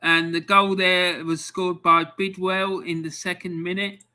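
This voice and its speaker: Guy running a live score stream, slow and chatty, bright sharp voice, fairly high. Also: flat delivery. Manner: chatty, reads out fixtures with frequent ums. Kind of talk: casual live-stream commentary.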